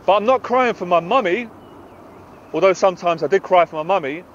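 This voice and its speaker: A man's voice: sits high, brisk, muffled recording, a little hiss or hum. A British man, a confidence coach, giving a passionate, emphatic motivational talk to camera outdoors.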